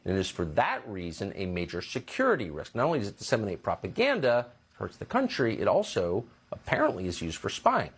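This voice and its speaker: Husky man explaining matter-of-factly. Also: fairly low pitch, huge pitch swings, fast talker, few pauses, a bit bright. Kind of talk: spoken commentary.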